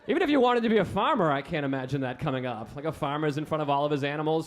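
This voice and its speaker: A man doing a stand-up comedy set on a club stage, with a deadpan, self-deprecating delivery. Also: fairly high pitch, racing, few pauses. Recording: live club set with faint crowd. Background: audience laughter.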